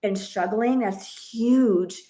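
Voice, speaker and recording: A woman hosting a parenting podcast, talking in a lively conversational way and acting out bits of family dialogue as she tells stories. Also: mid-range voice, extremely slow. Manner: animated storytelling, acts out family dialogue. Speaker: podcast host and parenting coach.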